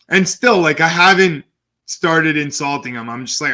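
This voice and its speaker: A young man streaming, telling a story and reading out text messages in a casual, profane, animated way. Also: fairly high pitch, normal speed. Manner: animated and profane, switching between quoting and commenting.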